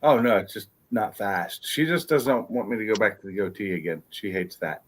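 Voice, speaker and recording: A man chatting casually on a livestream, rambling and halting with fillers and restarts. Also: on the low side. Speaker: livestream co-host. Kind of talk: casual chat.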